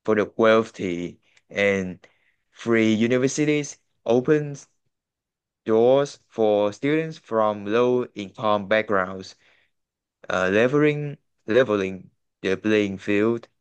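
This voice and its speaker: A man's voice: lowish voice, takes it slowly, smooth, highs cut off. A man, a Vietnamese speaker, giving a hesitant practice answer in an IELTS speaking lesson. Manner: hesitant, many fillers and restarts. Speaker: IELTS student.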